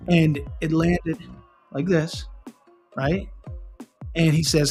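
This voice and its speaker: A man's voice: a little high, takes it slowly, long pauses, soft background music. A middle-aged man from Pennsylvania hosting a casual morning show, telling a story with lots of restarts and asking listeners questions. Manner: animated, restarts and repeats, asks the listener questions. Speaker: host.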